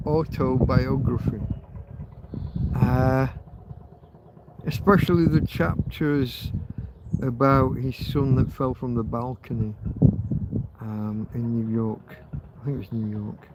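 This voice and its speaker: A man's voice: medium pitch, fairly even intonation, slow, long pauses, very noisy. A man hosting a livestream, chatting in a rambling way with many fillers and restarts. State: laughing through tears. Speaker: livestream host. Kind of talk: rambling casual chat.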